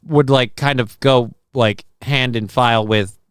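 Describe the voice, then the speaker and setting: A man hosting a casual comedy podcast, sarcastic and profane, cracking quick jokes about news stories. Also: mid-range voice, steady tone, clear, resonant tone, no echo, clean studio sound. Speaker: podcast host.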